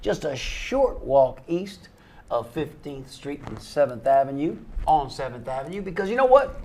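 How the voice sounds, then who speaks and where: Lively folksy man. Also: fairly high pitch, normal speed, slight background noise. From Tampa, Florida. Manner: drawling, folksy, playful. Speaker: show co-host. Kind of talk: folksy casual chat.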